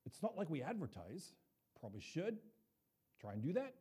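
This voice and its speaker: A man's voice: on the high side, wildly swooping pitch, moderate pace, dark tone, breathy edge. An older man preaching a sermon as pastor, talking conversationally and often checking in with the congregation with asides.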